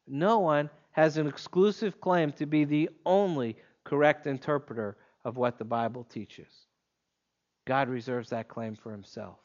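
A man preaching an expository sermon in a measured, emphatic way, leaning on pointed pauses. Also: fairly high pitch, muffled recording.

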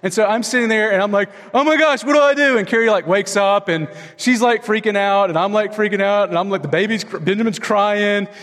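Man, pastor, sermon, high voice, conversational storytelling, long hall reverb. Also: fairly even intonation, fairly quick, hardly any pauses, a bit bright. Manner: conversational storytelling with wide swings in pitch.

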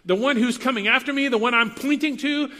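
A man's voice: very high-pitched, fast, sharp tone, big-room sound, voice pushed up. A man preaching in a sermon voices a fiery male prophet who speaks in blunt, emphatic, repeated phrases. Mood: insistent.

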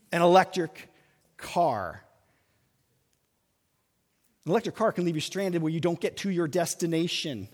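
A man preaching a sermon in a church, building lines up with dramatic pauses and punching single words. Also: sits high. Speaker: pastor. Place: large church hall. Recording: reverberant sanctuary sound.

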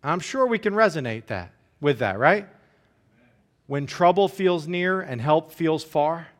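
A man's voice: on the high side, lively intonation, unhurried. A man preaching a sermon, speaking conversationally and often checking in with "right?", now and then briefly acting out the enemies' jeering words. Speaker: pastor.

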